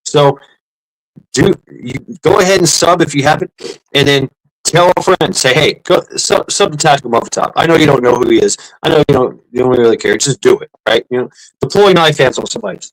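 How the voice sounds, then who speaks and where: Gravelly-voiced guy hosting a live stream, lots of uh and you know, chatty. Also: on the high side, fairly quick, poor audio. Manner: rambling, many fillers and restarts, reads out chat. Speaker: livestream host. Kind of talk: casual livestream chat.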